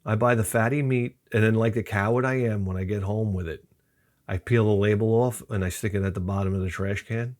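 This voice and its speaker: A man's voice: lowish voice, steady tone, a little fast, darkish tone. A middle-aged man telling rambling, profane comic stories and acting out quoted people in other voices. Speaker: channel host. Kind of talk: rambling comedic storytelling.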